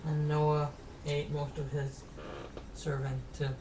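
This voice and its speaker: A woman's voice: sits low, monotone, slow, noisy background. A woman chiming in from off to the side of a casual home vlog with brief, dry remarks. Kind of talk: casual chat.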